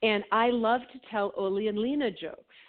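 Woman from minnesota on a podcast, thinks out loud, keeps restarting, tinny phone-ish sound. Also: medium pitch, steady tone, moderate pace. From Minnesota, USA. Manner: thoughtful, trails off and restarts while thinking aloud. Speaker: podcast co-host. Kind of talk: reflective conversational discussion.

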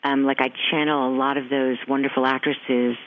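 Middle-aged woman from New England, voice actress guest; animated chatty delivery, frequent laughs, phone-line sound. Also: very deep voice, moderate pace. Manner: chatty, animated, laughs often, many restarts. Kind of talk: casual interview chat. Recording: tinny phone-line audio.

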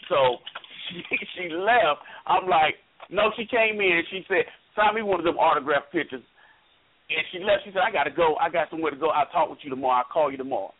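A man co-hosting a talk radio show, spinning an animated story and quoting others along the way. His voice sits a little high for a man. It reaches us through a narrow, phone-like line. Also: fairly quick. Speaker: co-host.

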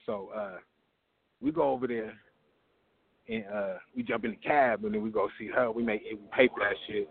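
A man's voice: fairly low pitch, normal speed, vocal fry, long pauses, phone-quality sound. A man at an open mic line, telling a profane comic story and acting out the voices in it over the phone. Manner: animated, acts out voices in his story. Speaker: open mic comedian calling in.

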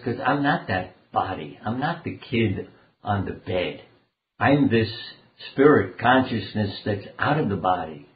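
An older man speaks as an interview guest, earnest and rambling as he tells anecdotes. His voice sits low, and it comes through a thin, phone-like line. The space around him sounds roomy and echoey. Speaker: guest, doctor and author. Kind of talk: conversational storytelling interview.

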